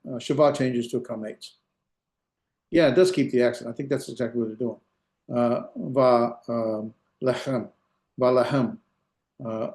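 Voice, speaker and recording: A middle-aged man lectures a grammar class at an ordinary pitch, stopping often to correct himself and fill pauses. His delivery is hesitant and self-deprecating. The recording carries a noticeable room echo. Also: darkish tone. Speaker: Hebrew instructor.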